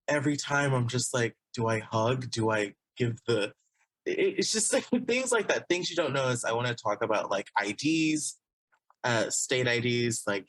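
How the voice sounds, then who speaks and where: A man's voice: medium pitch, a bit bright, no echo. A young man from Texas, a guest on an interview podcast, talking casually in a rambling way with frequent laughs and restarts. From Texas, USA. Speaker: guest, illustrator and comic artist.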